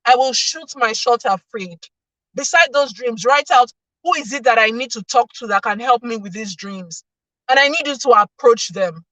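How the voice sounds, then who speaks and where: A woman's voice: a little high, fairly bright tone, no room sound. Emphatic woman preaching with repetition. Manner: emphatic, repeating lines for effect. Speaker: motivational speaker. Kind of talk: faith-based motivational talk. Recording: distant mic, dry sound.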